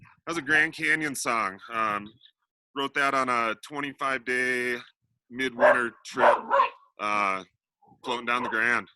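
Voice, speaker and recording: A man's voice: mid-range voice, unhurried, bright, forceful tone, clear, resonant tone, poor audio. A man who plays bluegrass, talking in a laid-back way with brief answers. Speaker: bluegrass musician. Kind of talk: casual chat.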